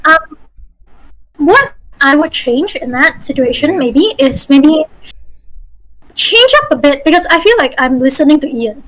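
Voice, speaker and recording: A woman's voice: sits high, animated, measured pace, long pauses, fairly bright tone, poor audio. A woman game master hosting a casual workshop, chatty and encouraging, laughing often as she gives feedback. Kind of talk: casual teaching.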